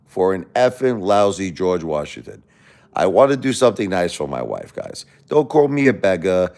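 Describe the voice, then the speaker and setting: A man hosting a live stream, angrily lecturing and insulting a chat commenter with lots of profanity, swinging between loud outbursts and low muttering. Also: big pitch swings, normal speed, creaky. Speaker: livestream host reading chat. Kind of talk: livestream rant at a chat commenter.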